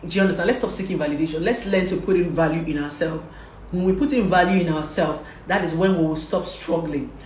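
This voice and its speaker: A young Nigerian woman vlogging casually, talkative and lively, laughing often and mixing in Pidgin. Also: on the low side, quick pace, reverberant, slight background noise. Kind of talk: casual advice vlog.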